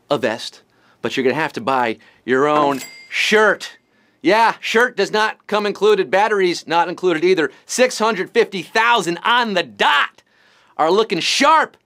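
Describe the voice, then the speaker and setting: A man's voice: sits high, sharp tone. A man hosting a live trivia game, rattling off questions with puns, jokes and sudden silly voices. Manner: punning, jokey, bouncy delivery with sudden silly voices. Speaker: quiz show host.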